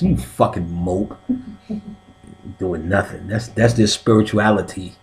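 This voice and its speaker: A man's voice: on the low side, unhurried, vocal fry, a little mellow. A man teaching a comic lecture on spiritual topics, swearing freely and often asking "you know what I'm saying". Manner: explains step by step, like a teacher. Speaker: comedic occult class teacher. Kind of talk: stand-up style comedic lecture.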